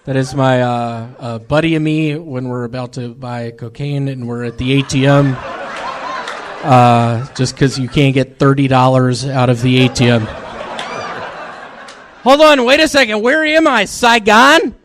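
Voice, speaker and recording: Male comedy guest from Memphis, deadpan, halting delivery, lots of ums, live club set. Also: mid-range voice, a little hiss or hum. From Memphis, Tennessee. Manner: halting, hesitant delivery with many fillers. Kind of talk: deadpan stand-up and banter.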